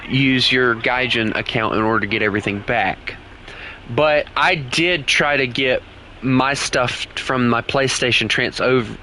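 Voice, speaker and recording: A man's voice: mid-range voice, sharp tone, slight background noise. A man with a Southern US accent giving rambling, casual commentary while playing a game. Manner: rambling, full of "like" and restarts. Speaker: gaming streamer.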